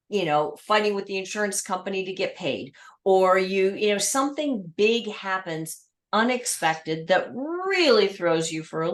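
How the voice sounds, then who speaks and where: A woman hosts an interview, speaking at an ordinary pitch in a conversational tone. She frames her questions thoughtfully, stacking up examples before getting to the point. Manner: thoughtful, builds questions from long lists of examples. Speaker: podcast host.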